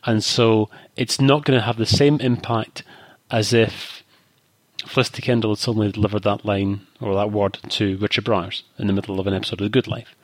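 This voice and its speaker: A man's voice: on the low side, steady tone, brisk, no echo. A man co-hosting a podcast, talking in a rambling, thoughtful way with frequent restarts. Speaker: podcast co-host. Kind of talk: casual chat.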